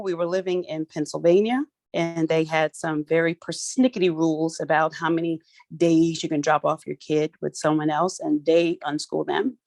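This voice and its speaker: A woman's voice: deep voice, moderate pace, no room sound. Playful Philly woman hosting an online workshop. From Philadelphia, USA. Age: middle-aged. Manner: playful, animated, colloquial. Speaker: workshop host. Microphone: phone for audio on a video call.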